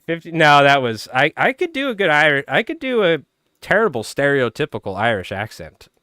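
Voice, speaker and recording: Hoarse man chatting on a livestream. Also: fairly high pitch, sing-song, brisk, bright, forceful tone, dry recording, clean studio sound. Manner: rambling, loose, talks to chat by name. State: strained, tired voice, clearing throat. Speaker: fly-tying livestream host. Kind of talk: casual live-stream chat.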